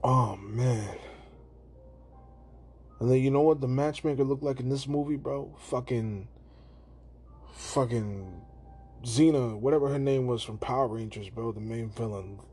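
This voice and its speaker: Podcast host, male, loose profane recap of a film, average pitch, light room noise. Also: measured pace, long pauses. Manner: profane, animated retelling with put-on quoted voices. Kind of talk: casual movie rant.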